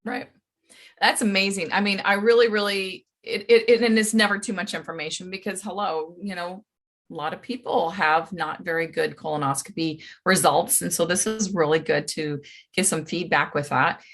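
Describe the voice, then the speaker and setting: A woman hosts a relaxed interview with a fairly low voice. She responds supportively and restarts her sentences as she speaks. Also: moderate pace. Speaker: interview host. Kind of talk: casual interview.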